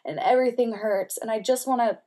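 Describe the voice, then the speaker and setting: A woman speaking as an interview guest, telling a personal story candidly with many "like" fillers and softening at times to a near-whisper. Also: on the high side, fairly quick. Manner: candid, heavy use of "like" fillers; emotional, drops to soft near-whispers.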